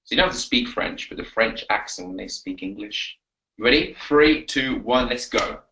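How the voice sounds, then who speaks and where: Lively, pep-talking male coach. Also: mid-range voice, normal speed, poor audio. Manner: energetic, pep-talking, repeats himself. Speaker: confidence coach. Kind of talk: live coaching webinar.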